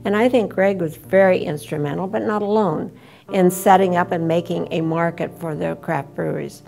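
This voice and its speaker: A woman's voice: lowish voice, fairly even intonation, moderate pace, creaky, mellow, soft background music. A woman answering as an interview guest, casual and frankly emphatic.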